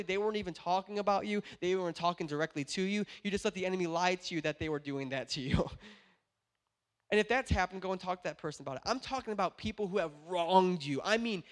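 A young man preaches in a high voice to his church. He talks earnestly, then swells into passionate, shouted preaching. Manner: builds from quiet earnest talk to passionate shouting. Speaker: pastor. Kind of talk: sermon.

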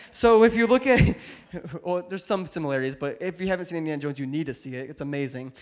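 High-voiced animated male pastor. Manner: animated, joking, shifts between loud and hushed. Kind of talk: sermon. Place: church hall with congregation.

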